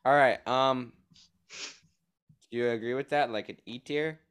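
A man's voice: medium pitch, fairly even intonation, a little slow, fairly bright tone, smooth. A man hosting a podcast, leading the segments and laughing often in casual chat. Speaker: podcast host running a tier list.

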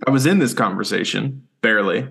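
A young man co-hosting a podcast, trading joking, deadpan jabs in casual chat. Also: lowish voice, fairly quick, gravelly. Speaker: podcast co-host.

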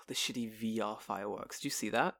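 A man chatting casually on a podcast, swearing freely and telling animated stories in which he acts out what people said. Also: on the low side, moderate pace, creaky. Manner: swearing, animated storytelling with put-on quotes. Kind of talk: casual chat.

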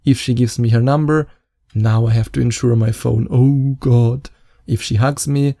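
A man's voice: medium pitch, fairly even intonation, normal speed, gravelly, warm tone, no echo, studio quality. A man with a German accent, giving dating advice in a playful, joking vlog. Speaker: dating coach.

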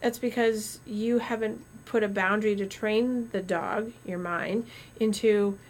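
A woman's voice: mid-range voice, steady tone, measured pace, a little hiss or hum. A woman doctor chatting casually on a podcast, telling stories animatedly with metaphors and restarts. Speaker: doctor co-host.

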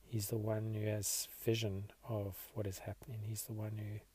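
Reflective male podcast host leading a slow meditation, low-pitched, husky, very even tone. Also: no room sound. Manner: slow, reflective, soft-spoken.

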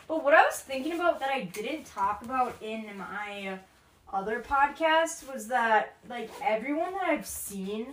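A young woman chatting casually in a vlog, rambling with lots of fillers and restarts, laughing often as she talks while packing at home. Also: a little high. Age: young adult. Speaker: vlogger. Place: indoors at home, packing and moving around.

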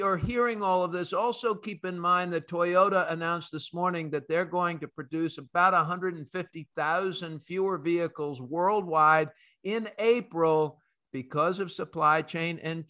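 An American man with a high, bright, forceful voice hosts a market commentary podcast. He's emphatic and opinionated, speaking directly to his listeners.

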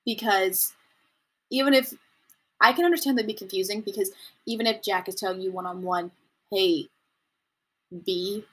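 In a brisk, husky voice, a young adult woman hosts a relaxed commentary podcast from home, pausing often as she rambles. She's chatty and mocks others with high-pitched impressions.

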